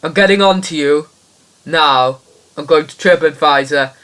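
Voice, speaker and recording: A man's voice: on the high side, measured pace, a bit bright, clear, resonant tone. A man doing an impression of a fretful former TV star in a comedy phone call sketch, fussy and indignant. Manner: fussy, indignant, rambling complaints.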